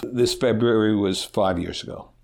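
A middle-aged man who teaches, talking as an interview guest in a halting way that often repeats words. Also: on the low side, vocal fry. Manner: halting, repeats words, self-deprecating laughs. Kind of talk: conversational interview.

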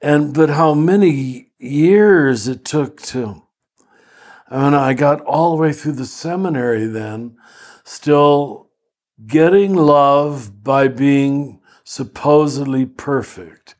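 Slow-speaking older man. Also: on the high side, darkish tone. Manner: slow, storytelling, self-deprecating. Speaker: priest and teacher. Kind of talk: reflective podcast conversation.

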